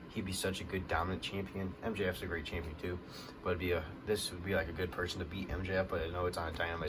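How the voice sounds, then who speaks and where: With hiccups interrupting him, a low-voiced vlogger loosely recaps a wrestling event, his talk thick with "like" and "um." His excitement rises at the key moments, over background noise that never stops.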